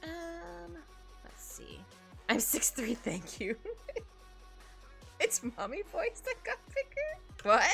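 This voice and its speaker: A woman's voice: very high-pitched, huge pitch swings, slow pace, gravelly, long pauses, a bit bright. A young woman streaming as she draws, chatting casually, giggling often and rambling. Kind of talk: casual chat while drawing on stream. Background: faint background music.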